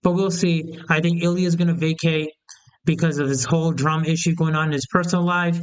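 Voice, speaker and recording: Opinionated young man ranting, smooth voice. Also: a little high, flat delivery, fairly quick, poor audio. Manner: opinionated, heated, rambling with restarts. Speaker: MMA commentator. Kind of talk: casual opinion rant to camera.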